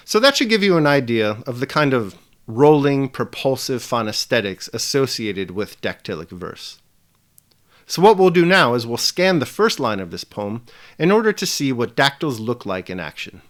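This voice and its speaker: A man hosting a scripted literature lesson, measured and articulate, slowing down for key definitions. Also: mid-range voice, big pitch swings. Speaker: English teacher hosting a lesson channel.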